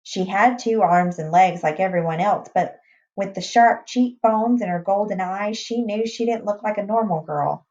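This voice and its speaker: A woman's voice: mid-range voice, a little mellow. Woman reading a novel aloud, lo-fi. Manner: plain, unhurried reading with small restarts. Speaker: reader. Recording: dull lo-fi recording.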